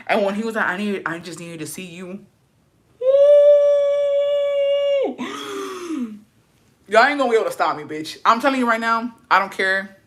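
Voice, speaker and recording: A young woman hosting a casual livestream, chatting loosely and reading out viewer comments in a loud, profane, animated way that drops now and then into hushed whispers. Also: medium pitch. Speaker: livestream host.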